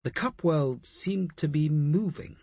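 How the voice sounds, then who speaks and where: A man voicing a hesitant, higher woman scientist. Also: animated, slow pace, gravelly, dark tone, breathy edge, dry recording, full character voice. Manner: hesitant, musing.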